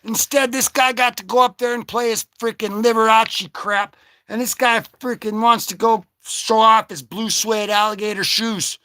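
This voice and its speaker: An excitable man hosting a casual comic book vlog, joking and slangy as he talks through his comics. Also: high-pitched, normal speed, no room sound, clean studio sound. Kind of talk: casual livestream commentary.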